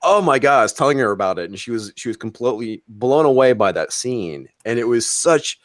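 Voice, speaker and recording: Animated man gushing in casual chat. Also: mid-range voice, fairly quick, no echo. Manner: excited, animated storytelling with frequent fillers and swearing. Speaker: roundtable guest.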